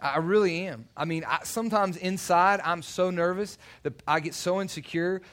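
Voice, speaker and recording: A man's voice: high-pitched, normal speed, a bit bright. A man preaching a sermon, telling personal stories in a loose, conversational way with many restarts. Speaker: youth pastor.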